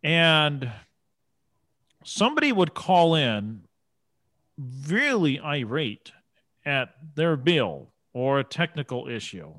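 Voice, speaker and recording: Animated man telling stories. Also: on the high side, takes it slowly, long pauses, no echo. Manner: storytelling, animated. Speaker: interviewer. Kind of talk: casual conversation.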